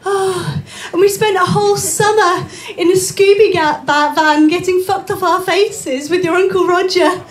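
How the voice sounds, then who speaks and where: A woman's voice: extremely high pitch, fairly even intonation, a little slow, few pauses, reverberant, voice pushed up. A woman voicing her posh, doting, carefree mum, gushing with "darling" at every turn. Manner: breathy, doting, over-sweet "darling" delivery.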